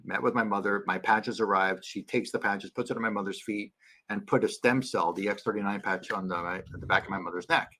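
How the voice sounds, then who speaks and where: A man guesting on a podcast over a video call, telling stories with eager enthusiasm. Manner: animated storyteller, acts out quotes in a high voice. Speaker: chiropractor guest.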